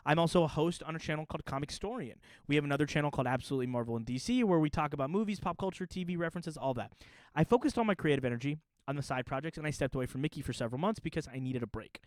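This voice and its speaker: Young man, casual vlog talk, fairly high voice, dry sound. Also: no echo. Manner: chatty, jokey, quick asides. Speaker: youtuber.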